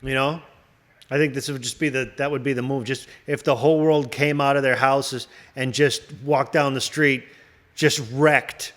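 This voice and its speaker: A man's voice: mid-range voice, steady tone, moderate pace, fairly bright tone. A man hosting a casual chat, riffing in a rambling, profane way and laughing often. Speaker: host.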